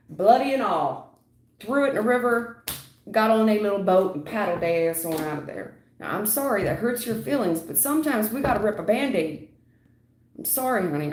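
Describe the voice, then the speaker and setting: A woman giving blunt live tarot readings to viewers, calling them honey and sweetheart, lecturing and keeping it real. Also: medium pitch. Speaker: tarot reader. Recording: echoey room.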